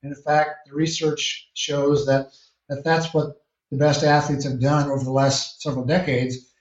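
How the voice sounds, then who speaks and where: A man, a triathlon coach, answering interview questions in a measured, explanatory way with frequent restarts. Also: fairly high pitch. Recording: echoey distant lo-fi call.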